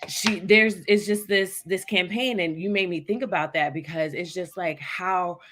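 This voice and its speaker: A woman's voice: fairly low pitch, fairly even intonation, noisy background. A woman co-host in a casual chat, rambling with plenty of "like" and "you know.". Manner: rambling, lots of fillers, quick bursts.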